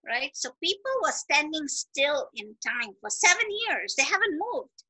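Middle-aged woman, high and very bright, emphatic motivational chatter. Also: measured pace, rough recording. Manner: animated, emphatic, acts out quotes. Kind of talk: casual motivational chat.

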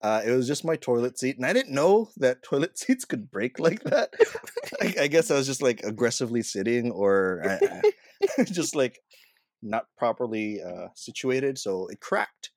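A man's voice: medium pitch, very animated, moderate pace, no room sound, clean studio sound. A young man co-hosting a podcast, telling a story in casual chat and laughing often. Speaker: podcast co-host.

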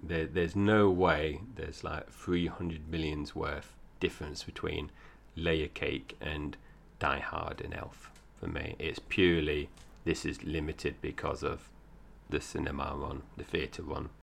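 Co-hosting a film podcast, this Essex man in his forties has a slight Cockney accent and a rumbling low, gravelly voice with a breathy edge. He speaks slowly in a level tone, yet stays chatty and rambling, laughing frequently.

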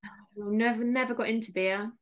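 A young woman from Somerset with a Somerset English accent, a guest in a casual interview, friendly and quick to laugh. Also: fairly high pitch, fairly even intonation. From Somerset, England. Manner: friendly, laughing, self-deprecating humor. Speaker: guest, writer.

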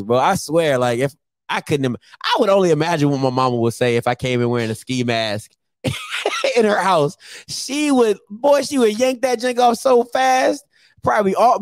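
A man's voice: on the high side, no echo, studio quality. A man in his thirties hosting a sports picks show, ranting casually to camera with slang and laughing asides. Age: 30s.

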